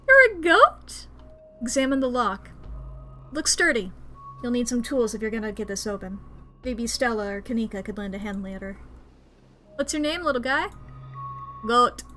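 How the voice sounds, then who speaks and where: Bright-voiced woman streamer. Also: fairly high pitch. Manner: playful, self-mocking asides. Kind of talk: playing and reading a visual novel aloud.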